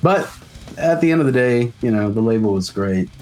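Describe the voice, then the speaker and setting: Speaking at normal speed with lively intonation, this South Mississippi musician has a medium-pitched, darkish voice, with a little hiss or hum in the background. As a guest in casual chat, he rambles through stories, says "like" constantly, and swears freely.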